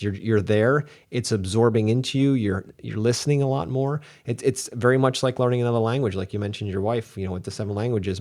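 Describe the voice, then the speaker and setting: A man hosting a podcast in casual chat, thinking out loud and repeating words as he goes. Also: on the low side. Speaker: podcast host, sales coach.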